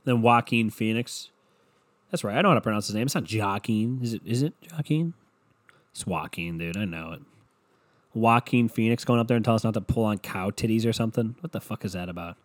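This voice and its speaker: A man's voice: on the low side, animated, a little fast. A man ranting in a sarcastic comedy style, swearing freely and mocking people. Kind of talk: profane comedic rant.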